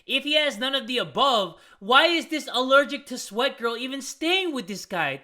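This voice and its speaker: Woman, reaction video host, joking and loud, bright sharp tone, very animated pitch. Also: normal speed, few pauses. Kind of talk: comic reaction commentary.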